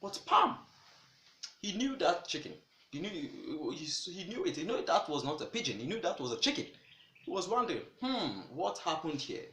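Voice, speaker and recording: A man casually telling a folktale, animated and exclamatory, with chatty asides. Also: high-pitched, moderate pace, reverberant. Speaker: storyteller. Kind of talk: casual storytelling.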